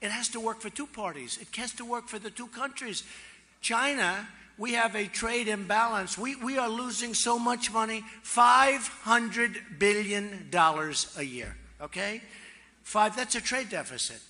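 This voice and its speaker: A man's voice: high voice, unhurried, sharp tone. Man in his 60s at a campaign rally, big hall echo rolling after every line, keeps repeating himself. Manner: boastful and repetitive, with chatty asides to the crowd. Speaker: political candidate. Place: large rally venue. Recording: long reverb of a large hall.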